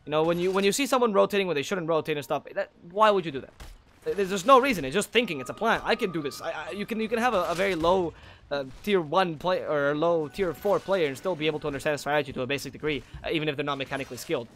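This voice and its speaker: A man's voice: a little high, very fast, fairly bright tone. A man casting a video game match solo, opinionated and critical, often correcting himself and drifting into small rants. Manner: frequent self-corrections and repeated words. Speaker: esports caster. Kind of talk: solo play-by-play commentary.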